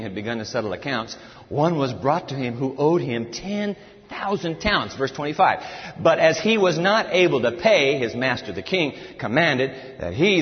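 A man preaching a sermon to a congregation, animated, acting out a pleading servant in a whiny high voice. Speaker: pastor. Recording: dull, lo-fi audio with long hall reverb.

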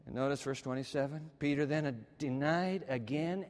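A man preaching a sermon, dramatic, swinging between loud exclamations and hushed, tender passages. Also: a little high, normal speed, hardly any pauses, big-room sound.

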